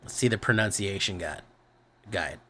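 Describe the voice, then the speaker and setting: A male streamer talks in loose, meandering chat with his audience. His voice sits on the low side. He swears freely and keeps doubling back to fix what he just said. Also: moderate pace, sharp tone. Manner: rambling, swears casually, self-correcting.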